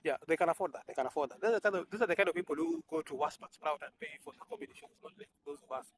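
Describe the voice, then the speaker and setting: Lively man telling a rambling joke story. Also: on the high side, very fast. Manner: rambling, self-mocking, joking asides. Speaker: humanitarian health worker and author. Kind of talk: casual comedic storytelling monologue. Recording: noisy background hiss.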